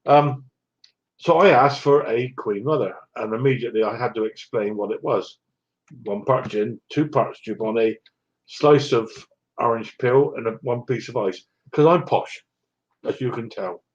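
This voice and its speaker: A man's voice: medium pitch, normal speed, muffled recording. An older man from England telling a rambling travel story in a wry, self-mocking way. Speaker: vlogger. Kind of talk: casual storytelling.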